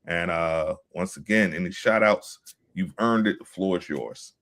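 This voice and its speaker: Deep-voiced upbeat male podcast host. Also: a little slow, a bit bright. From Virginia. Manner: upbeat hype, punchy catchphrases. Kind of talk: casual interview chat.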